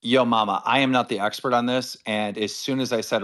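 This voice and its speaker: A man's voice: mid-range voice, steady tone, brisk, a bit bright. A man hosting a heated casual debate, explaining a timeline in rambling, profane bursts. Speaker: show host.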